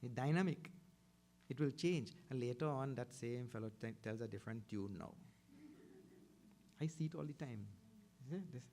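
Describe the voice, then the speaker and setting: A man's voice: normal speed, pauses often, dark tone, slight background noise. A middle-aged man with an Indian accent giving a spiritual discourse, telling stories and acting out other people's voices. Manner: storytelling, acts out other people's voices with big pitch jumps. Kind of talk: sermon.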